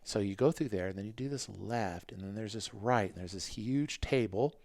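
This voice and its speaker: A man in his fifties, a podcast guest, telling racing stories in a casual, animated way and acting out what people said. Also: normal speed, dry recording. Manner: animated, acts out quotes in a higher voice. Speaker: podcast guest, former motocross racer. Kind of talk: casual interview storytelling.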